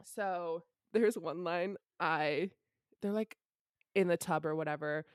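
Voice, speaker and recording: A woman's voice: on the low side, slow, clean tone, no room sound, studio quality. A young woman co-hosting a podcast, recapping a book in casual chat full of "like" and offhand swearing. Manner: chatty, peppered with "like" and casual swearing. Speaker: podcast co-host.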